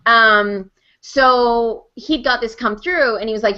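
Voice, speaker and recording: A woman with a bright, forward voice chats through an interview, spinning animated stories and laughing easily. Her voice comes through a somewhat muffled, lo-fi online call. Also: a little high. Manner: chatty, animated storyteller, quick laughs. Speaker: voice actor and host. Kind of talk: casual interview chat.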